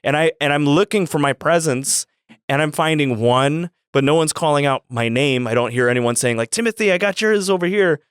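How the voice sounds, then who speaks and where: A man with a smooth, resonant voice tells a childhood story on a podcast. He rambles and stalls on fillers, and the sound is close and dry. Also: medium pitch, moderate pace, no room sound. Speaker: guest storyteller.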